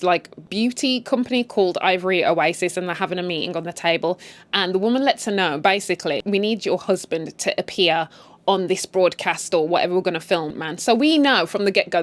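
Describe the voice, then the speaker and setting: A British woman from the UK casually retelling a drama series, chatty and blunt, slipping into quotes and swearing. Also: medium pitch. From United Kingdom. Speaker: series recap host.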